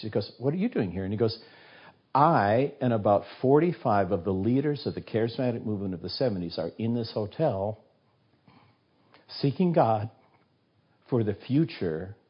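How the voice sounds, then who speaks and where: A man in his sixties, a guest author on an interview show, tells stories in a fairly low voice with a breathy edge, animatedly acting out the voices of the people in them. It's casual interview storytelling on a dull, muffled recording.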